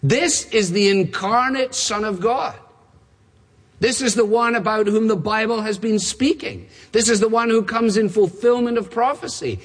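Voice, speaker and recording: High-voiced preacher in a reverberant hall. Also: male voice, moderate pace. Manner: emphatic, builds with repeated phrases. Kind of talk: sermon. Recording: long reverb of a large hall.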